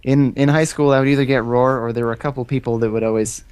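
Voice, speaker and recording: A man's voice: medium pitch, fairly even intonation, quick pace, noisy background. Young guy calling in over video chat, tells little stories, lots of ums. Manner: storytelling, thoughtful, hesitant fillers. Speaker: co-host joining by video call. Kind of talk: casual chat. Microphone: video call.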